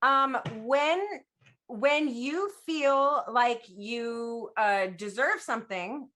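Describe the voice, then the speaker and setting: A woman improvising as a player in a tabletop game, talking in halting, meandering bursts. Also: a little high, bright, forceful tone. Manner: halting, full of fillers and restarts. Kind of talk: improvised tabletop role-play.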